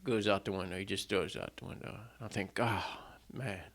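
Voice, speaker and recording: A man's voice: low-pitched, fairly even intonation, fast, a bit bright. A man, a singer-songwriter, talking casually between songs in a rambling, self-deprecating way, full of fillers and restarts, at a stand mic in a small home stage setup. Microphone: stand mic in front.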